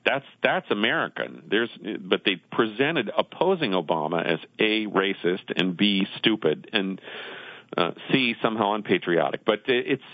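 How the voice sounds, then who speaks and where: A man speaking as a guest on a radio show, making a measured argument with some hesitation. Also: on the low side, no room sound. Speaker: guest on a call-in line. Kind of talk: conversational interview. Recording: tinny phone line, dry.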